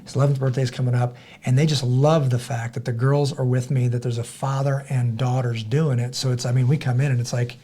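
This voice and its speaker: Husky-voiced man telling a lively story. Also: medium pitch, brisk, few pauses. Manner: animated, acts out other people's voices; frequent restarts and repeated words. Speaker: podcast guest. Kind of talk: conversational storytelling.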